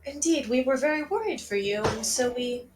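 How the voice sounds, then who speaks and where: A woman's voice: fairly high pitch, expressive, normal speed, over music, pitched above the performer's own voice, close to an everyday voice. A woman playing an earnest young retainer.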